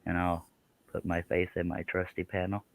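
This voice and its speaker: A man's voice: deep voice, flat delivery, moderate pace, poor audio. A man hosting a casual woodworking live stream from his workshop, joking about himself and reading viewer comments aloud. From Texas.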